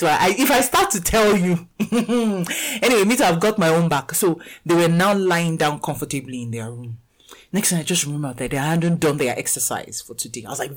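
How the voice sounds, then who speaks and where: A woman's voice: mid-range voice, normal speed, low-quality recording. A woman in her thirties with a Nigerian accent, hosting a casual podcast and telling stories with lots of laughter and acted-out dialogue. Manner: animated storyteller, laughs often, acts out dialogue. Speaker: podcast host and fitness coach.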